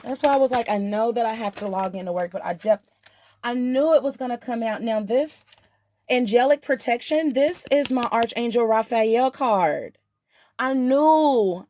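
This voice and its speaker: A woman giving a tarot reading to her camera, fairly high-pitched and bubbling over with excitement. She talks in quick, animated bursts. Her voice comes through dry and close. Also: no room sound. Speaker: tarot reader.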